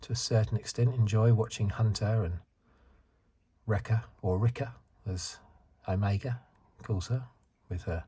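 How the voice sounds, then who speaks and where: A soft-spoken British ASMR channel host in his fifties chats at a moderate pace in a low, mellow, extremely smooth and resonant voice. Relaxed, he rambles, corrects himself, and chuckles along the way.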